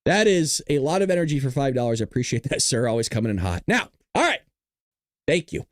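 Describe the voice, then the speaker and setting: A man's voice: medium pitch, sing-song, fast, no room sound, clean studio sound. A man hosting a live political commentary stream, talking casually to his chat, jokey and profane. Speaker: livestream political commentary host.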